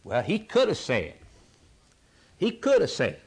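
A man preaching with fervor, his pitch climbing and falling all over the place. He repeats phrases in a driving rhythm, lifting to near-shouts and then sinking to a whisper. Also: wildly swooping pitch, measured pace, gravelly, slightly rough. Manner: impassioned, rising to near-shouts and dropping to whispers; repetitive, rhythmic preaching cadence. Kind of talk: sermon.

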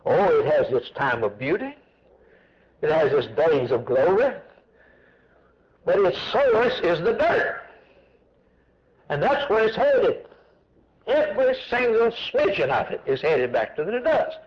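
A man preaching a sermon in a lively, swooping voice that sits a little high. He drives his points home with repeated phrases and answers his own questions. The sound is dull and lo-fi, like an old radio broadcast. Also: unhurried, long pauses. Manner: emphatic, repetitive preaching cadence.

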